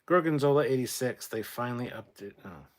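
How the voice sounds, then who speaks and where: A sleep-deprived man hosts a casual late-night livestream, reading out the chat and rambling in a tired way that drops to low mutters. Despite the mumbling, his intonation is lively and his pace brisk.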